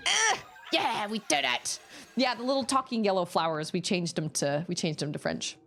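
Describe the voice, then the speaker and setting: A woman streaming a game, chatting casually and reacting with quick exclamations as she plays. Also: medium pitch, gravelly. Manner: chatty, animated, quick exclamations and laughs while playing. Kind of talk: casual live-stream chat while gaming. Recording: faint game music behind.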